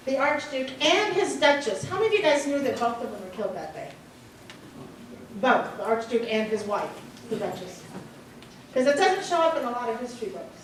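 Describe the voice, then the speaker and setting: A woman teaches a history class in a high, bright voice, quizzing her students and laughing along with them. She stands away from the mic in a very echoey room. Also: distant mic, slight background noise. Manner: lively, asks the class questions and laughs often. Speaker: history lecturer. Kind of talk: classroom lecture. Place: lecture room.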